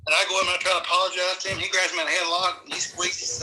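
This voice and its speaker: A middle-aged man, casually telling rambling, animated stories as a podcast guest. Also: high-pitched, racing, slight background noise, rough recording. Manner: rambling, animated, with many restarts. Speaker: guest, former amateur wrestler. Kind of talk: casual storytelling.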